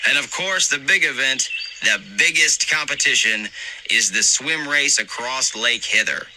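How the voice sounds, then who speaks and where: A man voicing an adult male camp director who announces things in a drawn-out, emphatic way. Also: mid-range voice, noisy background, lightly acted. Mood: announcing. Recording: narration over loud music.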